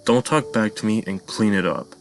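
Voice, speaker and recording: A man voicing a furious, harsh middle-aged mother who shouts and scolds in a cartoon fan story. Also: low voice, level tone, moderate pace, faint music behind.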